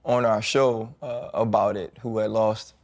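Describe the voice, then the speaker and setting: A man co-hosting a podcast, calmly explaining something. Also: lowish voice, a little slow. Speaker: podcast co-host. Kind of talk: candid podcast conversation.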